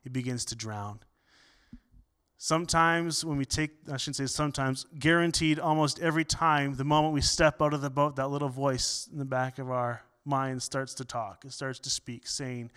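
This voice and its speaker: A man preaching a sermon as pastor, earnest, often repeating words and swinging between loud and soft. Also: medium pitch, fairly even intonation, moderate pace, clear, resonant tone.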